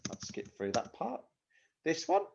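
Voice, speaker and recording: A man's voice: fairly high pitch, very animated, unhurried, a little mellow, slight background noise. A male teacher giving a recorded lesson to young children, explaining patiently and asking them questions. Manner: patient, clear instructions to children with rhetorical questions. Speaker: primary school teacher. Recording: dull lo-fi recording.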